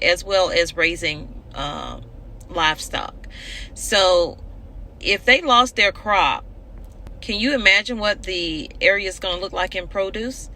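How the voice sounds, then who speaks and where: A woman vlogging from her homestead, talking straight to her viewers. Her voice is bright and forceful, with a faint hiss behind it. She sounds urgent and repeats herself to drive each point home. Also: medium pitch, low-quality recording. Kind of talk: earnest direct-to-camera vlog.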